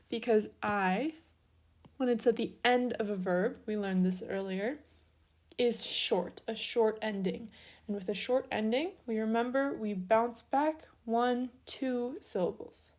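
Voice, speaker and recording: Young woman, slightly high voice, patient step-by-step teacher for a recorded lesson. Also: a little mellow. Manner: patient, step-by-step explaining while writing. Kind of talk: recorded online grammar lesson.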